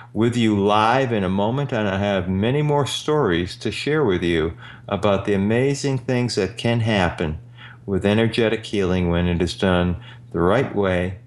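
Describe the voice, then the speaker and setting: A man hosting a talk radio show, slowly and earnestly telling a personal story. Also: lowish voice. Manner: slow, earnest anecdote telling.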